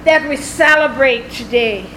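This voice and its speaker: A woman's voice: high voice, a little slow, fairly bright tone, roomy sound, a little hiss or hum, poor audio. A woman preaching a sermon in an impassioned, rhythmic way, quoting scripture.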